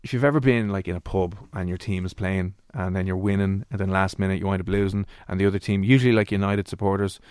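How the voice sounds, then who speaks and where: Man, radio host, fast banter, dry close sound. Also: sits low, clean tone, no room sound. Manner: animated, quick banter. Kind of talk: casual radio chat.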